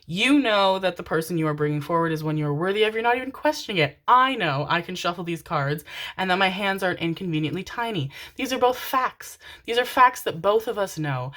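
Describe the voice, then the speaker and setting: A woman's voice: lowish voice, expressive, fairly quick, a bit bright. A young woman doing a pick-a-card tarot reading, affectionate and giggly, calling viewers her babies and swearing casually. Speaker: tarot reader.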